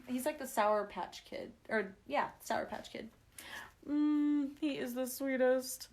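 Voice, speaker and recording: This woman's voice is high-pitched and a little mellow, with slight background noise. She hosts a casual craft livestream, chatting affectionately with her viewers and laughing as she tells family stories.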